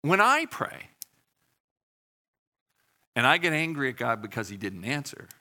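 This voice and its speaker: A man's voice: mid-range voice, sing-song, a little slow, bright, forceful tone. A man preaching a sermon in a conversational way, asking the congregation questions and acting out short voices. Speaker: pastor.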